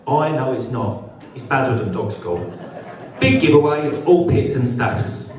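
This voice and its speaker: A man's voice: medium pitch, expressive, measured pace, darkish tone, slight background noise. A man from Essex with an Essex accent doing a crude, sweary stand-up set, bantering with the crowd. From Essex, England. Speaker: stand-up comedian. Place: social club stage. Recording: echoey club room, mic from far off.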